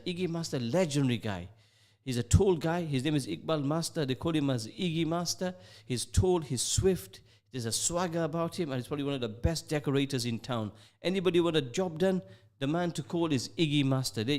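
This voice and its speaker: A middle-aged man hosting a live radio show, chatty and jokey, reading out listener messages from the studio. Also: fairly high pitch. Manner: chatty, upbeat, jokey, sprinkles Arabic phrases. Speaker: radio host.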